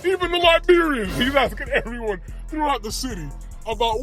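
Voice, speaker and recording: A man's voice: very high voice, very animated, a little fast, fairly bright tone, faint music behind. A man telling a comic street story in a loose, slangy way, laughing as he goes. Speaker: comedian telling a skit.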